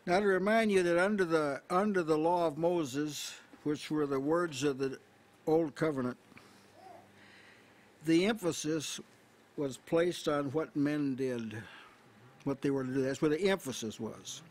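A man preaching an expository sermon at a small house church, measured and repetitive, slowing on key words. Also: on the high side, a little mellow. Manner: measured, repeats phrases, slows on key words.

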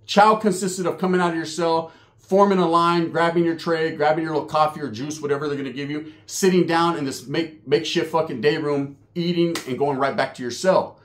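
A man's voice: fairly high pitch, steady tone, a little fast. A man telling a prison story in casual, profane, slang-heavy street talk.

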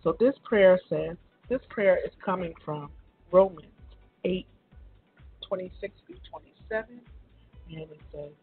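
A woman hosting a casual morning radio show, chatty and relaxed, with a raspy morning voice. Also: lowish voice, unhurried, soft background music. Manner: chatty, laughs easily, many fillers. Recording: phone-line internet radio.

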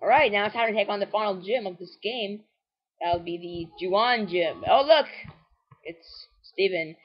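A woman's voice: mid-range voice, normal speed, husky, dull audio. A woman giving rambling, casual commentary while playing a video game and talking back at it. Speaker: let's play host.

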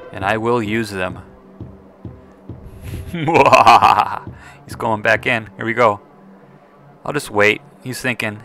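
A man giving casual gameplay commentary, playful and excitable, teasing other players and chatting to his viewers. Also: on the low side, slow pace, vocal fry, long pauses, soft background music. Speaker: gaming video creator.

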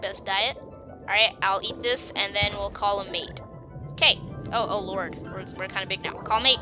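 A woman giving chatty, excitable commentary while playing a video game, often talking to the creatures on screen. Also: mid-range voice, moderate pace, music in the background. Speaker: gamer. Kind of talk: let's play gameplay commentary.

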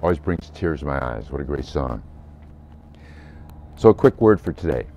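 A low-voiced man preaches a brief sermon in a warm, relaxed tone. He tells the story earnestly and briefly voices the people he quotes. The sound is a little dull, like a modest lo-fi recording. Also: normal speed. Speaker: pastor. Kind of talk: short Easter sermon.

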